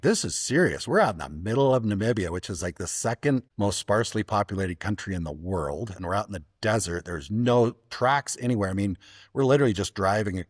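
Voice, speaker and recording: A man hosting a travel podcast who asks questions and tells his own stories, with thoughtful pauses and restarts. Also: deep voice, slightly rough, no echo, studio quality. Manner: thoughtful, hesitant restarts, storytelling. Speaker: podcast host. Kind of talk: casual interview.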